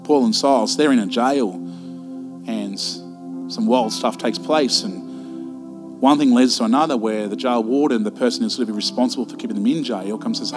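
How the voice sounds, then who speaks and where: A man's voice: mid-range voice, moderate pace, music in the background. A man preaching a sermon to a church, impassioned, repeating rhetorical questions. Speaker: pastor. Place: church service.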